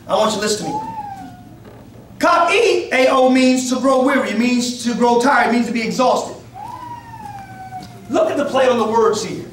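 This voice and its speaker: High-voiced preaching man in his forties. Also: normal speed, long pauses, slight background noise. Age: 40s. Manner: impassioned preaching with shouted peaks and laughter, calling to the congregation. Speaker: pastor. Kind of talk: sermon. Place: church. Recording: echoey church from a distant mic, congregation audible. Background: congregation responding.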